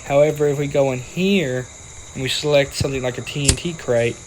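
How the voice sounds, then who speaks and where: A man's voice: mid-range voice, a little fast, slight background noise, low-quality recording. A young man giving casual, playful commentary over a video game and joking with the characters on screen. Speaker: gaming video creator.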